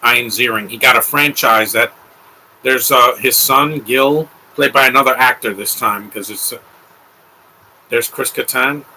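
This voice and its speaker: Bright-toned man giving casual film commentary. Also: mid-range voice, measured pace, slight background noise, rough recording. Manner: offhand, rambling, opinionated asides. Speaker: live commentary host.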